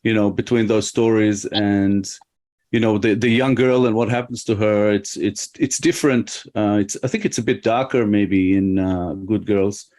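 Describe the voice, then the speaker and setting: Measured male podcast host. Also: lowish voice, fairly even intonation, a little mellow. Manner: measured, hedging, many fillers. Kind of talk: podcast conversation.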